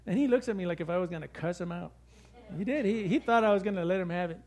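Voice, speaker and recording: A middle-aged male pastor preaching a sermon with lively, conversational storytelling. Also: high-pitched, fast talker.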